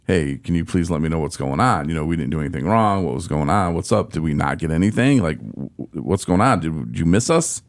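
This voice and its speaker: A low-voiced man hosts a casual podcast chat. He tells his story with animated exasperation and acts out his own quotes as he goes. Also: quick pace, few pauses. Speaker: podcast host.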